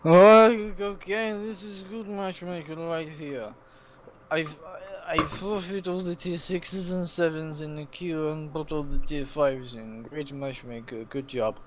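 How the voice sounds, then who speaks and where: A man's voice: a little high, fairly even intonation, unhurried. A man co-hosting a tank game stream, trading jokey, teasing banter at a desk microphone. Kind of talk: casual gaming livestream chat.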